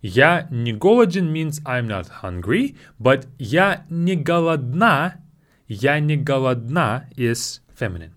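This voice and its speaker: A man teaching a spoken language lesson, patiently repeating each phrase slowly and explaining it into his own microphone. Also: medium pitch, big pitch swings, a bit bright.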